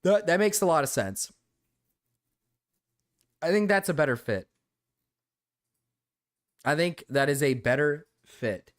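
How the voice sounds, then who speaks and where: A man's voice: fairly high pitch, lively intonation, takes it slowly, long pauses, no room sound, studio quality. A man streaming live, chatting loosely with his viewers, joking and swearing casually as he reads the chat.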